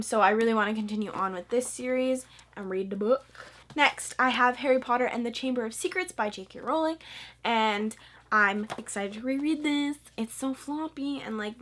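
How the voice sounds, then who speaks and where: Excitable young woman rambling at her camera, kinda high voice, lots of likes and ums. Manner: bubbly and excitable, lots of fillers, squeals and laughs. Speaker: book vlogger. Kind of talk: casual chat.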